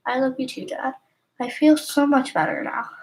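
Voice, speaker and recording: Whispered role-play: timid young woman, acted by a woman, soft pleading voice, apologetic. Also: sits high, fairly even intonation, moderate pace, natural voice. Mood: relieved.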